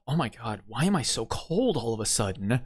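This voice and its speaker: A man's voice: mid-range voice, big pitch swings, normal speed, a bit bright, husky. A man streaming a story game, rambling casually and swearing freely. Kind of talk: casual gaming stream chat.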